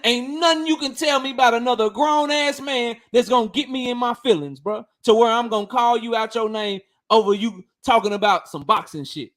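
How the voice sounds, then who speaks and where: A man's voice: very high voice, fairly bright tone. A man hosting a boxing livestream and reading chat, talking bluntly and profanely, heated and repeating himself. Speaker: boxing channel host.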